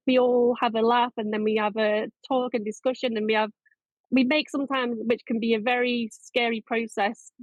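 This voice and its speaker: A woman's voice: fairly high pitch, dry recording. Chatty woman on a tinny line. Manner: chatty, rambling with many restarts. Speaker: makeup and effects artist guest. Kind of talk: casual interview chat. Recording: dry, tinny phone-like line.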